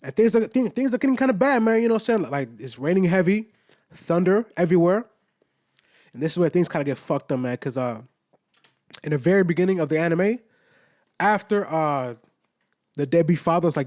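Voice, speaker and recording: A young man with a slightly high-set voice talks through an anime episode in a loose, slang-heavy ramble. He swears freely and drops conversational asides as he recaps the plot, casual and unscripted. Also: lively intonation, brisk, long pauses, a little mellow. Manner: loose and slangy, heavy profanity, frequent "you know what I'm saying" asides. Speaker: anime reviewer.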